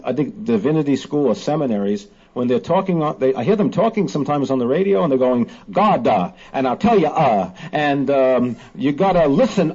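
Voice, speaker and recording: A man hosting a casual religious discussion, emphatic, slowing down to quote scripture. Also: on the high side, dark tone. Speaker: host of a Bible discussion. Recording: dull lo-fi recording.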